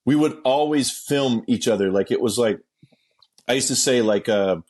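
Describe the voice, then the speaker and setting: A man telling a story as a guest in a casual interview, acting out quotes with sudden jumps in pitch, swearing freely and laughing as he goes. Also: moderate pace, darkish tone.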